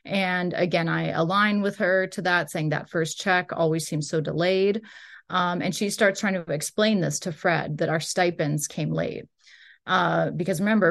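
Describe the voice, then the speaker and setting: A woman lectures from a transcript, explaining each line and hedging as she thinks aloud. Her voice sits somewhat low. She talks in a relaxed, tentative way. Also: vocal fry. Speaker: linguistics lecturer. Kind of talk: recorded lecture walking through a transcript.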